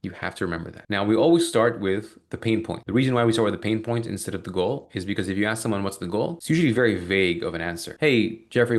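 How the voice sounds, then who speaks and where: Brief: male sales coach on a video call, brisk, rapid-fire delivery, low voice, plays both sides of sales calls. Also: animated. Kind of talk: live sales training call.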